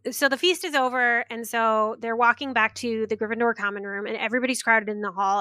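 A woman's voice: a little high, steady tone, brisk, hardly any pauses, bright, forceful tone, no echo, clean studio sound. A woman co-hosting a podcast, casually retelling a book chapter and playfully voicing the characters. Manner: retells the plot with playful quoted voices. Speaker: podcast co-host. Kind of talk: casual book-club chat.

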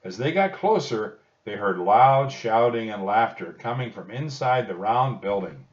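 A man narrating a children's storybook audiobook in a slow, expressive storytelling manner. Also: fairly low pitch. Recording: dull distant recording.

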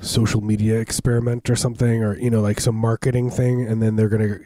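A man's voice: fairly low pitch, little pitch movement, quick pace, warm tone, no echo. A man co-hosting a podcast in casual, rambling, jokey chat with frequent restarts. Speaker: podcast co-host.

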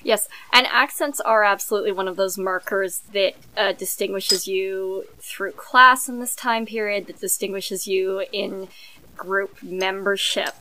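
A woman's voice: medium pitch, fairly even intonation, measured pace, bright, forceful tone, rough recording. A woman co-hosting a podcast, speaking in an articulate, analytical way with a few fillers. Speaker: podcast co-host. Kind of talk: casual discussion.

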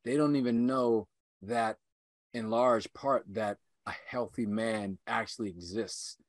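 A man's voice: on the low side, fairly even intonation, unhurried, dry recording. A man guesting on a podcast as an inspirational speaker, talking earnestly with rousing, repetitive emphasis. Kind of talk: earnest motivational conversation.

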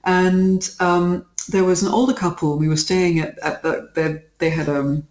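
A guest talking casually in an interview, chatty and animated, often saying "like". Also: mid-range voice, a little slow, roomy sound. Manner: chatty and animated, with frequent "like" fillers and laughter.

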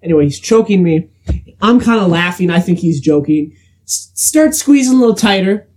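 A man's voice: high-pitched, animated, moderate pace, darkish tone. A young man telling a story in casual chat, acting out quotes and laughing often, recorded on a phone. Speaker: podcast co-host.

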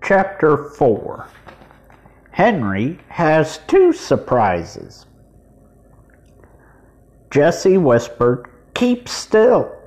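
A man reading a children's chapter book aloud, expressive and voicing the children. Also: medium pitch. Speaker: podcast reader.

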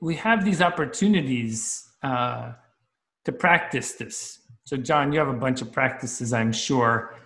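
A man's voice: medium pitch, measured pace, a bit bright. A man hosting a podcast, asking his guest questions in a friendly, casual way. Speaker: podcast host. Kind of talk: casual interview.

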